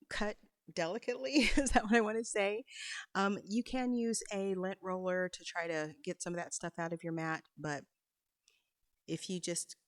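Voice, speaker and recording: Craft tutor, woman, low-ish pitch, dry close sound, patient step-by-step instructions with casual asides. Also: no room sound, low-quality recording. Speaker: quilting instructor. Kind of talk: sewing tutorial voice-over.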